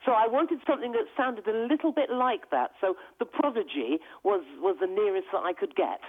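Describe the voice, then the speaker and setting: Animated woman author over a phone line. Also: mid-range voice, brisk, breathy edge. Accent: West Country English. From Devon, England. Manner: lively, laughing often, many restarts. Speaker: children's author interviewed. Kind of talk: casual interview.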